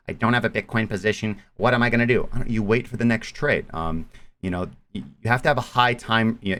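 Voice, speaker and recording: A man's voice: on the low side, a bit bright. A man hosting a live stream and explaining trading strategy, talking in a loose way that repeats words and restarts phrases. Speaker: trading analyst host. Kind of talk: live stream market analysis.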